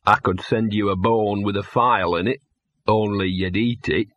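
A man doing a hoarse, cynical drunken dog. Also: fairly low pitch, steady tone, normal speed, a bit bright, no echo, muffled recording, natural voice. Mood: hoarse whisper. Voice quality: hoarse, gruff. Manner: grumbling, self-pitying, lecturing. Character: scruffy cynical drunken little male dog.

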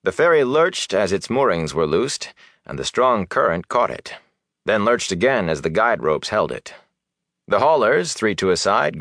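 A man narrates a fantasy novel in a measured, steady manner. His voice sits very low. The recording is dry, with no room sound. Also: dry recording. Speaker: audiobook narrator.

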